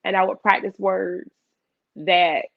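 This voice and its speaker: A woman guest in a casual chat, telling an animated story and acting out her own past lines. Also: mid-range voice, slow pace, vocal fry, no echo, highs cut off.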